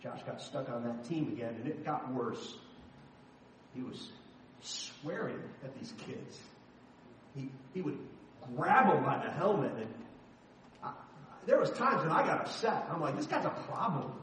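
A man's voice: mid-range voice, animated, unhurried, long pauses, fairly bright tone, slight background noise. A middle-aged man preaching a sermon, telling a story in an emphatic, dramatic way. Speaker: pastor. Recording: echoey hall from far off.

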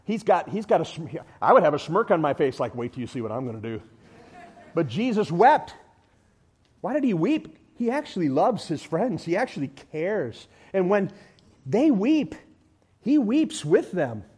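A man preaching a sermon with emphatic delivery, swinging from loud declarations to hushed lines, with everyday illustrations and humor. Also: sits high, sing-song, a little slow, husky.

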